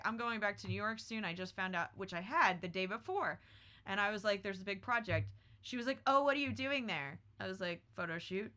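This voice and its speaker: A woman's voice: mid-range voice, pushed and bright. A woman hosting a podcast, telling a story in casual chat with a brash, profane, dramatic manner. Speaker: podcast host.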